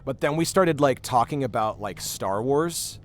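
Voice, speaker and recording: A man's voice: mid-range voice, lively intonation, measured pace, a little hiss or hum. A young man in casual chat on a game stream, rambling through anecdotes with lots of filler. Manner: rambling storyteller, swears heavily when riled up. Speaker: streamer and voice actor.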